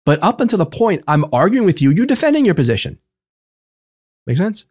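A man's voice: high voice, sing-song, brisk, darkish tone, slightly rough. A man who is a psychotherapist, talking in a podcast interview and explaining ideas through everyday examples and rhetorical questions. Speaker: psychotherapist guest.

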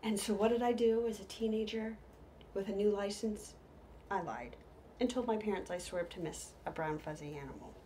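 A middle-aged woman tells a humorous story, lively and playful. She drops into hushed, whispered asides. Her voice sits at a middle pitch, with a faint hiss of noise behind it. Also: moderate pace. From United States.

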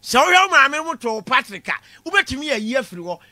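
A comedy lecturer addresses a class for laughs, talking fast in a very high, sharply bright voice. He's animated, shouting punchlines and laughing at his own jokes, captured in a close, dry recording with no echo.

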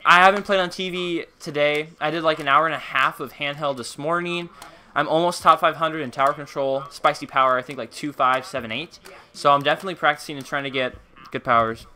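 A young man hosts a live game stream, his slightly high voice bright and lively. He keeps up a playful, upbeat chatter, calling out viewers by name as he plays. The talk is loose and casual throughout. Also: a little fast. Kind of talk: casual live-stream chat while gaming.

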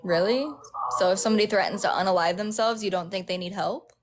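A woman's voice: medium pitch, steady tone, quick pace. Woman rambling on her live stream, giggly, acts out quotes, middle voice, faint hum. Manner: chatty, laughs often, acts out quotes. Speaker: livestream host; crisis counselor. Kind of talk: casual live-stream chat.

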